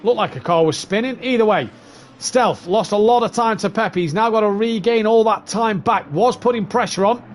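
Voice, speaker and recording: A man's voice: high-pitched, normal speed, slight background noise. A man commentating a sim race, chatty as he runs through positions and gaps.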